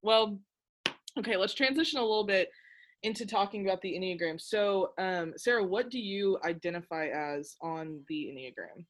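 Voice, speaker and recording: A young woman hosting a casual chat, telling a story in an animated, excitable way with lots of filler words. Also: mid-range voice, moderate pace. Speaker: podcast host.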